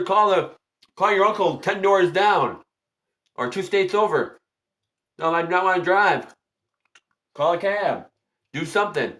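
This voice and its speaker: A high-pitched man chats loosely with his livestream viewers, circling back to the same phrases again and again. He greets people by name and talks in a relaxed, repetitive flow as a tarot reader waiting for clients. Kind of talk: casual livestream chat.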